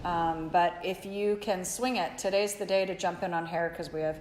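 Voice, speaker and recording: A woman co-hosting a sales show, reading viewer comments and pitching products with frequent laughter. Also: fairly even intonation, normal speed, a little mellow, roomy sound, a little hiss or hum. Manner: giggly, laughs often, upbeat pitch. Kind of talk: casual chat and sales pitch.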